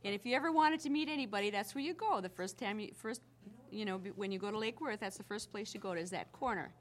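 A medium-pitched, quick-paced older woman tells anecdotes in a chatty, animated way, often restarting as she goes. She's an interviewee from the Minnesota Iron Range, giving a casual oral history.

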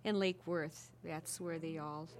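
Speaking low and at a measured pace, this chatty older interviewee from the Minnesota Iron Range shares casual oral-history stories. Her anecdotes come out animated, with frequent restarts.

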